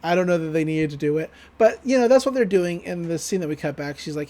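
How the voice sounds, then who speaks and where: A podcast co-host giving a casual episode recap, retelling scenes and quoting characters in lively put-on voices, loose and profane, often laughing. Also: medium pitch, fast, few pauses.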